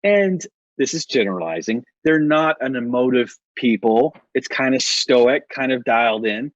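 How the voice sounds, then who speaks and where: A man's voice: mid-range voice, animated, moderate pace, no echo, dull audio. An American man on a podcast as a guest, telling stories in a rambling, self-correcting way and laughing often. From United States. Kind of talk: casual interview storytelling.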